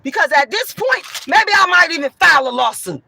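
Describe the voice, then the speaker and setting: A woman venting loudly and emphatically to her viewers, repeating herself as she talks. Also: very high voice, very animated, brisk, creaky, low-quality recording. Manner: loud, emphatic and repetitive. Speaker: vlogger.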